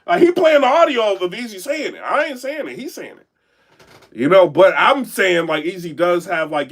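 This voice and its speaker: Animated high-voiced man commentating. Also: normal speed. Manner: animated, rambling, keeps asking "you know what I'm saying". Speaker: battle rap commentator and blogger. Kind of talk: casual live-stream commentary to chat. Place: indoor room.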